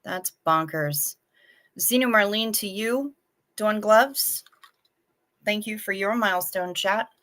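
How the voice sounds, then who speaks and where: A woman's voice: mid-range voice, slow pace, long pauses, a bit bright. A woman hosting a casual live stream, chatting frankly with viewers and swearing now and then, sounding anxious.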